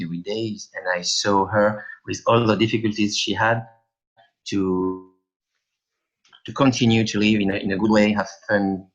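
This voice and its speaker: A middle-aged man from France with a French accent, answering interview questions in halting English and searching for words. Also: fairly low pitch, a bit bright, dull audio. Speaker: guest, app developer.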